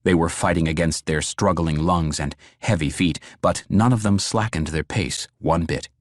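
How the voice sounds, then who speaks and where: A man narrating an audiobook in a measured, even storytelling manner. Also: low voice, no echo, studio quality.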